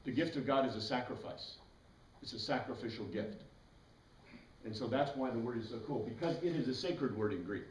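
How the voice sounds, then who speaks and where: A man's voice: medium pitch, fairly quick, a little hiss or hum. Man lecturing in a roomy classroom. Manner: explanatory, spells out words letter by letter, enthusiastic asides. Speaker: Bible class teacher. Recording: roomy echo, mic far away.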